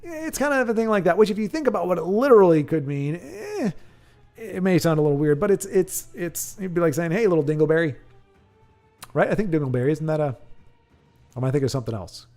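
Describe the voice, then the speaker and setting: A man's voice: high-pitched, big pitch swings, fast talker, darkish tone, soft background music. Chatty man hosting a stream. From United States. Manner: rambling, chatty, laughs often, reads viewer chat aloud. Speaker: stream host. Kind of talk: casual live-stream chat.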